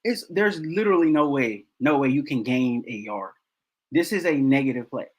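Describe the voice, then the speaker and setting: A man's voice: medium pitch, animated, normal speed, poor audio. A man hosting a football film breakdown, talking casually and repeating himself in exasperation.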